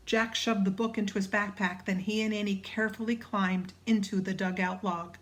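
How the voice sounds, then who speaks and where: A woman reading a children's storybook aloud, hushed in quiet passages. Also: medium pitch, steady tone, normal speed. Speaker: audiobook narrator.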